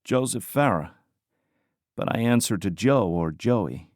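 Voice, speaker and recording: A man's voice: fairly low pitch, animated, a little slow, darkish tone, no echo, studio quality. A man voicing an injured young man who jokes his way through it, in an audiobook. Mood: wry.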